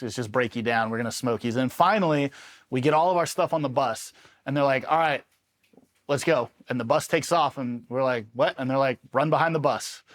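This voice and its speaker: With a medium-pitched voice, a Los Angeles veteran of the Army Rangers tells war stories as an interview guest. His delivery is casual and animated, full of swearing and impressions of the people he quotes.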